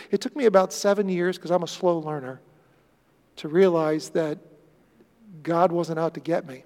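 A male pastor preaching a sermon, telling stories earnestly and swinging from loud bursts to quiet moments. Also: high-pitched, normal speed, gravelly, in a large hall.

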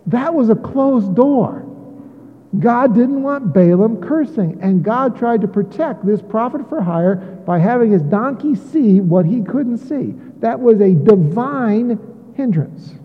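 A high-pitched man preaches in a relaxed, conversational manner and drops wry jokes between points. His voice comes through thin and phone-like, with a long reverb trailing off the walls of a big hall. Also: takes it slowly, breathy edge. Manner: conversational with joking asides. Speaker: pastor. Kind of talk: sermon.

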